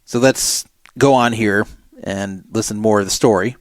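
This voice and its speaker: A man hosting a talk radio show, pausing a clip to explain it plainly to listeners. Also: on the low side, steady tone, no room sound.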